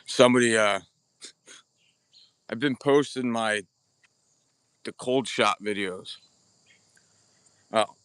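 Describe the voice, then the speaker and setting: A man's voice: on the low side, flat delivery, takes it slowly, pauses often, fairly bright tone, clear, resonant tone, dry recording. A man hosting a casual bowhunting livestream outdoors, chatting bluntly with viewers and greeting them by name, recorded on a camera mic without a separate microphone. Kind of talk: casual live-stream chat. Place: outdoors at an archery practice spot. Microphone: camera or phone mic without external microphone.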